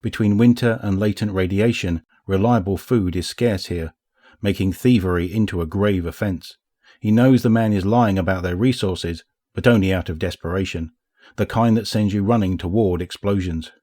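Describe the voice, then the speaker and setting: A man with a low voice reads a story aloud as scripted narration. His delivery is measured and even, suited to an audiobook. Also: dry recording, clean studio sound. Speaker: audiobook reader.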